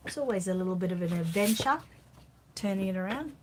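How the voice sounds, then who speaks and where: A woman's voice: medium pitch, brisk, noisy background. An Australian woman hosting a casual live chat, rambling and reading out viewer comments while tired and yawning. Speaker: channel host.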